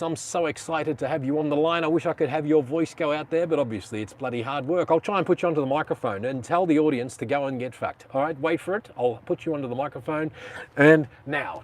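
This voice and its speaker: Chatty Australian man hosting a live stream. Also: fairly high pitch. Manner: chatty, rambling, slangy. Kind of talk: casual live stream chat.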